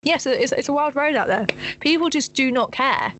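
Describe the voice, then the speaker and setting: Lively young woman telling stories. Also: normal speed, noisy background. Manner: animated storytelling, swings to high excited pitch. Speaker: podcast co-host. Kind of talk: casual chat.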